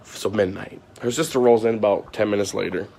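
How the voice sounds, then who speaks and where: A man's voice: lowish voice, fast talker, creaky, dark tone. A man vlogging, ranting at length to his viewers in an aggrieved, repetitive way, often swearing.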